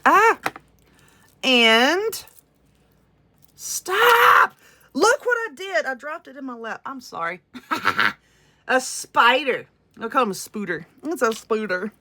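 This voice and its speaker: A woman's voice: a little high, sing-song, unhurried, bright, forceful tone. A woman with a Southern US accent, gushing and exclaiming as she unboxes crafting goods in a casual vlog. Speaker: crafting vlogger. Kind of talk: excited unboxing chat.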